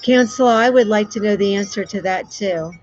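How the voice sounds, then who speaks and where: A woman's voice: mid-range voice, moderate pace, soft background music. Female livestream host, chatty and rambling, restarts her sentences, slightly lo-fi sound. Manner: chatty, rambling, warm with frequent fillers and restarts. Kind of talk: casual live chat with viewers.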